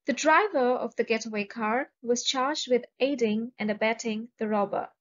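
Here a fairly high-pitched woman with an Indian English accent works through vocabulary at a moderate pace, pronouncing every word carefully and reading example sentences in a slow, deliberate lesson. The audio has a dull, lo-fi quality.

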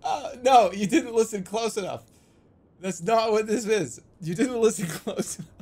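A man's voice: sits high, moderate pace, a little mellow, breathy edge. A man chatting casually on a live stream, giggly and repeatedly breaking into helpless laughter.

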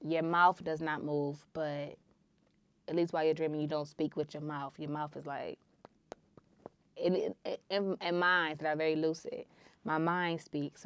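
A woman hosting a podcast, telling a personal story in an earnest, intense way with sudden loud swells. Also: sits low, clear, resonant tone, no room sound. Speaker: podcast host.

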